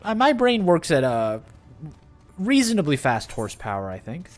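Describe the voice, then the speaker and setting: Animated, sarcastic male streamer. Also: fairly high pitch, normal speed, faint music behind. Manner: sarcastic, playfully defensive banter with chat. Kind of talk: casual gaming livestream commentary.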